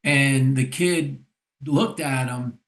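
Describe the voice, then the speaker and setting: An older man, a therapist and recovery mentor, telling a story in a relaxed podcast conversation. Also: mid-range voice. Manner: unhurried, reflective storyteller. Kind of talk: casual storytelling in a podcast discussion.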